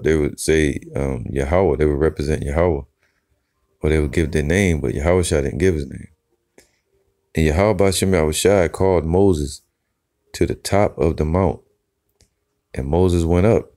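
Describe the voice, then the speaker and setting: A man with a remarkably deep, low-pitched voice leads a casual Bible teaching. He reads passages slowly and deliberately. Between verses he slips into loose commentary, often adding "all right" and "man.". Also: darkish tone. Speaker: scripture teacher.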